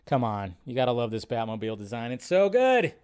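On a live stream, a male host reacts to a movie trailer with casual, excitable commentary, swearing freely and slipping in asides. He talks briskly in a clear, resonant, medium-pitched voice.

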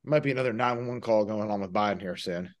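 A man co-hosting a podcast, chatting casually and firing off animated rhetorical questions. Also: lowish voice, fast talker. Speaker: podcast co-host. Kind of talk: casual political chat.

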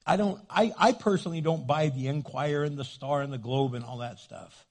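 A man preaching a sermon as a pastor, from New Mexico, joking with the congregation and doing quick funny voices. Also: on the high side, a little mellow.

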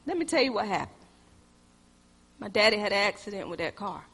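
A woman preaching a sermon, moving between loud exhortation and hushed personal stories, calling her listeners "y'all.". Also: mid-range voice, a little fast, slightly rough, long reverb tail. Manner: animated, swings from loud exhortation to hushed storytelling; addresses the congregation as "y'all".

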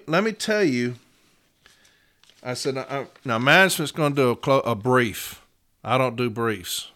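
A man's voice: medium pitch, bright, forceful tone. A middle-aged man, a union advocate who tells fellow advocates how he argued a case and drags out key words for stress. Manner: emphatic, slows down to stress contract words. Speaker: union advocate teaching arbitration. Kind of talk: storytelling lesson to fellow advocates.

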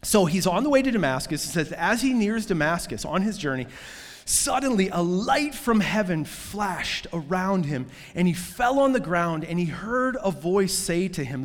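A man preaching in a relaxed, chatty style, his voice sitting a little higher than most men's. He keeps throwing in asides and fillers. His words ring with a long reverb, as if he is standing in a large hall. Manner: casual, conversational preaching with many fillers and asides. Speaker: pastor. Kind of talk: sermon.

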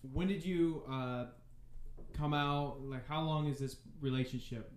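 A man's voice: on the high side, steady tone, measured pace. A man hosting a casual chat show asks blunt, probing questions. His voice carries a roomy echo. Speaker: podcast host.

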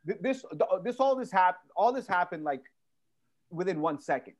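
A man co-hosting a comedy podcast, telling a story in a casual, animated way and acting out the people in it. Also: sits high, normal speed, a crowd in the background. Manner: animated, acts out voices in anecdotes. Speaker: podcast co-host.

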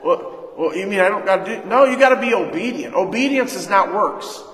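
A man's voice: high-pitched, expressive, fairly quick, fairly bright tone. A man pastor preaching a sermon, putting questions to the congregation and answering them. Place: church hall. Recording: echoey hall.

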